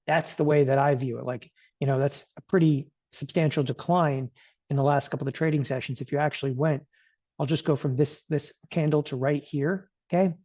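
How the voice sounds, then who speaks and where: A man's voice: medium pitch, a little mellow, no echo, dull audio. A middle-aged man giving casual live market commentary as a strategist, chatty and peppering his talk with "okay?".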